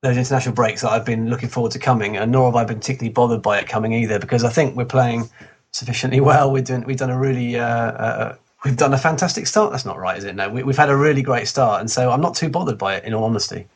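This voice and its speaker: A man speaks as a guest on a football podcast, hesitant and often restarting his sentences. His voice has a slightly husky edge. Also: medium pitch, fast. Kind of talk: casual interview chat.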